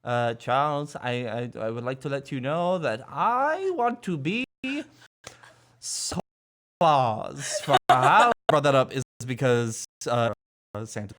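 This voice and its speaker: A woman voicing a little girl who talks like a pompous old British man, slow and overly formal. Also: very deep voice, sing-song, full character voice.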